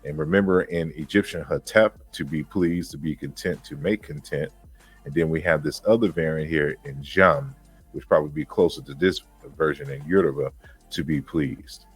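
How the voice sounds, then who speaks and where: A man with an extremely deep voice delivers an informal lecture on word origins. He reads glosses off his slides, restarting sentences and filling pauses as he thinks aloud. Faint music plays softly under his voice. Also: slightly rough. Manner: explanatory, frequent fillers and restarts; walks through slides, reading out glosses. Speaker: lecturer on historical linguistics.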